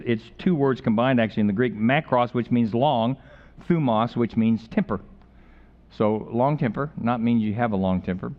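A man's voice: medium pitch, highs cut off. Man preaching a casual sermon. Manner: conversational preaching with humor and repeated phrases. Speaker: pastor.

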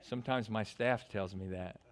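A man preaching a sermon in church, animated, often stumbling into quick restarts. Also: lowish voice. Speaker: pastor.

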